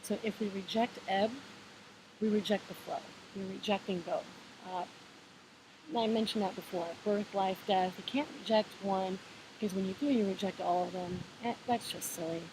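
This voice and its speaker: A woman giving relaxed, meandering spiritual advice in a casual vlog, talking in an encouraging way with many fillers and restarts. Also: mid-range voice, normal speed. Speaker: vlogger sharing spiritual advice. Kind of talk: casual reflective monologue. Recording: hissy home recording.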